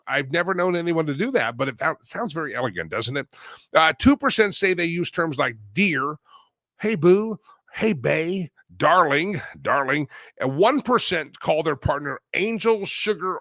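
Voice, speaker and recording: Male talk host, bright, fairly high voice, chatty with lots of fillers, dry close sound. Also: very animated, moderate pace, no echo. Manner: chatty, loose, many fillers. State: coughing. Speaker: radio show host. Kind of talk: casual talk show monologue.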